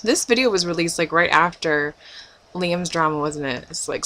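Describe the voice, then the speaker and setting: A young woman talks straight to camera in an excited, rambling vlog, laughing often and breaking into sudden squeals. Her voice sits a little low but sounds bright and forceful. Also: moderate pace, slight background noise, rough recording. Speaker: vlogger.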